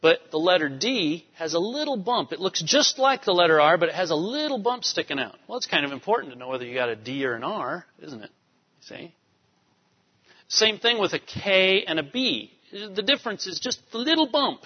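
Animated high-voiced preacher in a hall. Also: male voice, moderate pace, slightly rough. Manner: animated, emphatic preaching with asides to the congregation. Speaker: pastor. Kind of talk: sermon. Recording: dull sound in a reverberant hall.

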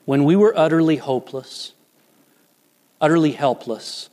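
A man preaching a sermon, animated and playful, acting out short voices of characters as he teaches. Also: on the high side, unhurried, in a large hall. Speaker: pastor.

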